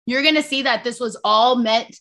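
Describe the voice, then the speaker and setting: A woman's voice: on the high side, moderate pace, a bit bright. A young woman co-hosting a podcast, chatting casually and animatedly, laughing often and swearing freely. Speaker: podcast co-host. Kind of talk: casual chat about wrestling.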